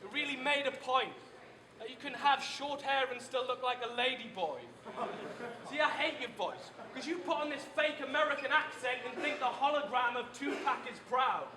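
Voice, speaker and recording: A man's voice: extremely high pitch, moderate pace. A man delivering a live battle rap with taunting insults at an event venue. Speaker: battle rapper. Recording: echoey room, loud crowd noise.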